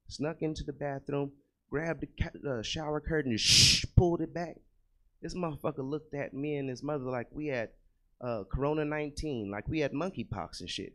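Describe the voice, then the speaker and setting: Crude, swinging stand-up comedian, man. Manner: crude, conversational, talks to the crowd; swings between loud bursts and low muttered asides. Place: comedy club stage.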